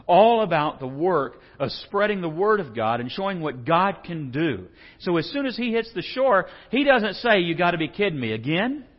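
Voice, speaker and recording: A man preaching a casual, conversational sermon, reading scripture and acting out the quoted lines. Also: on the high side. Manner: animated, conversational, acts out quotes. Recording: lo-fi muffled recording.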